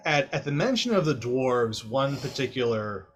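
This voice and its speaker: A man narrating a tabletop game as game master in a relaxed way, full of uhs and ums. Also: mid-range voice, moderate pace.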